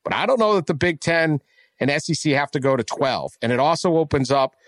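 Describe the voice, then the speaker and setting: Speaking fairly fast in a fairly high voice, a man from West Virginia co-hosts a casual sports podcast. He's animated and rambling, often fixing what he just said, and the recording is dry and studio-grade.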